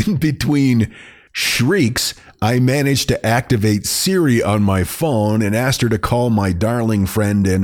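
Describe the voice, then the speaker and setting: A man hosting a podcast, reading a listener's funny email aloud with amusement and often breaking into laughter. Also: medium pitch. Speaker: podcast host.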